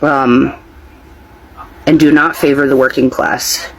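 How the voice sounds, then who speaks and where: A man's voice: medium pitch, little pitch movement, slow pace, a little hiss or hum, poor audio. Earnest man urging people to vote. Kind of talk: casual talk to camera.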